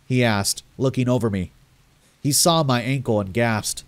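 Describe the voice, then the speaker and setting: Man narrating a horror story gravely. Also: mid-range voice, normal speed, no echo. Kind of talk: first-person horror story reading.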